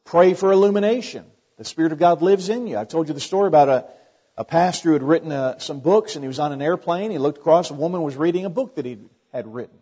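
A man preaches in a relaxed, folksy way, trading scripture talk for little stories. His voice sits a bit high and comes through husky. The recording is dull and lo-fi. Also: fast talker. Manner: folksy, conversational preaching with anecdotes. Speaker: pastor. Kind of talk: sermon.

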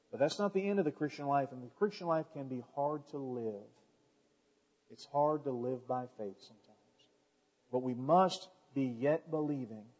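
Impassioned male preacher, dull recording. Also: medium pitch. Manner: swings from quiet to loud, impassioned preaching. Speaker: pastor. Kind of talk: sermon.

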